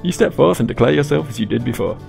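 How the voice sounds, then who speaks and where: A man's voice: medium pitch, expressive, fast, vocal fry, a little mellow, soft background music. A man reading game text aloud with playful asides while he plays. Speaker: gaming YouTuber. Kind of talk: game narration and commentary.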